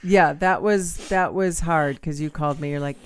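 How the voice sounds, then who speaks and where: A woman's voice: low voice, normal speed, slight background noise. A middle-aged woman co-hosting a podcast, chiming in supportively and finishing her partner's sentences. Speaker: podcast co-host. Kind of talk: casual chat.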